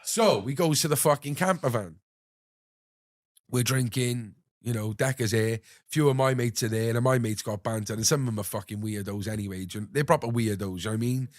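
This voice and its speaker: A man's voice: medium pitch, a little fast, no echo. Guy telling a messy story on a podcast, swears loads, keeps saying you know what i mean, dead dry close sound. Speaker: podcast guest. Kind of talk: casual anecdote telling.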